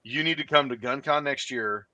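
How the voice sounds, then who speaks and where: A man hosting a podcast, telling stories in a profane, animated way. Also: mid-range voice, normal speed, no room sound. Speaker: podcast host. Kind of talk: casual podcast banter.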